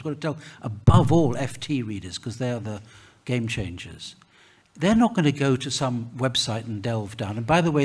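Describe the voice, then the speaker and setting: Husky man, halting panel remarks. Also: mid-range voice. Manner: hesitant, many restarts and fillers. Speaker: conference panelist. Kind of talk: panel discussion.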